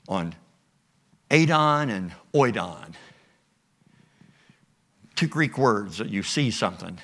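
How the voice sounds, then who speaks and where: A preacher in full flow, bright and forceful in tone. His pitch rolls up and down as he acts out the story for his congregation. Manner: animated storytelling with acted voices. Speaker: pastor. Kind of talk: sermon.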